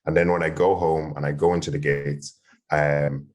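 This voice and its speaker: A man's voice: rumbling low, flat delivery, moderate pace, a little mellow. A man, a podcast host speaking enthusiastically in a casual panel discussion. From Ireland. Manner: enthusiastic, rambling, many fillers.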